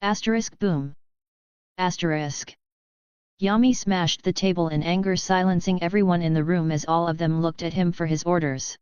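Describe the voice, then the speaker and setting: A woman's voice: lowish voice, fairly quick, few pauses, smooth, no echo. Mechanical female narrator for a webnovel audiobook; dry, dull lo-fi sound. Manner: even, mechanical reading, even asterisks read aloud.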